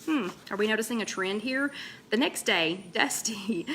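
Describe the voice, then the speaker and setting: A chatty woman with a lilt hosts a weight-loss chat livestream into a laptop mic, her bright, ringing mid-range voice expressive and moderately paced. She wanders from story to story and breaks off mid-sentence to greet viewers by name, over a faint hiss of room noise.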